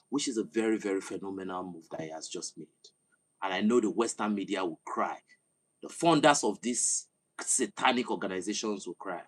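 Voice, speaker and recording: A man from Nigeria with a Nigerian accent, giving a passionate political commentary that swells into loud, emphatic oratory. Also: lowish voice, lively intonation, brisk. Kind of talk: impassioned monologue to camera.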